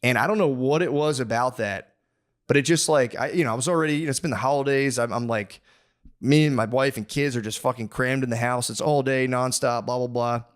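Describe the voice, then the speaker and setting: A comedy podcast host speaks at medium pitch and a little fast. He rambles through a long, foul-mouthed story in a mock-aggressive rant, breaking off into asides and starting over repeatedly.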